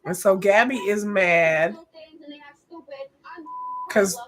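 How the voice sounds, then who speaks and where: A woman hosting a reaction video, talking in a casual, animated and blunt way, often exclaiming and laughing as she comments. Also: medium pitch, extremely slow.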